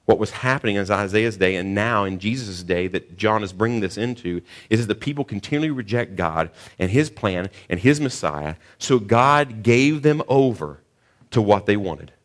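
An earnest man with a fairly low voice preaching a sermon. He often stumbles and repeats words before pressing a point with emphatic questions to the congregation. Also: lively intonation, moderate pace. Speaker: pastor.

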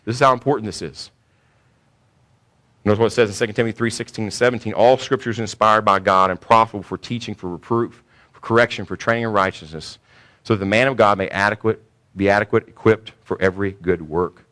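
Low-voiced emphatic male preacher. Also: fairly quick, pushed and bright. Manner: emphatic, repeats key points, asks rhetorical questions. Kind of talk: sermon teaching.

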